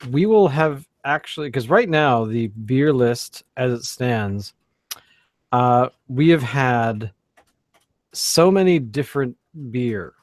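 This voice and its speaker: A man's voice: mid-range voice, no echo. A man co-hosting a casual beer podcast, rambling with many fillers and restarts. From Canada. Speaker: podcast co-host. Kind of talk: casual chat.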